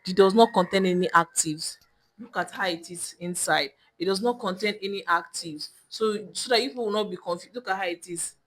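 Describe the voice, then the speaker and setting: A woman's voice: mid-range voice, brisk, fairly bright tone. A young woman skincare vlogger speaking straight to camera, emphatic and lecturing, repeating her points with frequent restarts. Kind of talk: direct-to-camera skincare advice.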